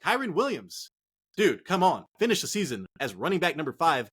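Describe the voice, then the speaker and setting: Excitable man, swearing casual chat. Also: a little high, a little fast, breathy edge. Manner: excitable, swears a lot, says "dude" and "man". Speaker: podcast host.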